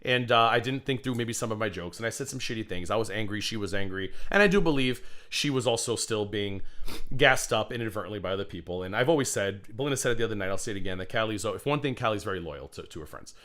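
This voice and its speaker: A man's voice: fairly low pitch, lively intonation, fast, a bit bright. A man hosting a live stream, rambling in casual commentary and chatting to viewers. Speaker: livestream host.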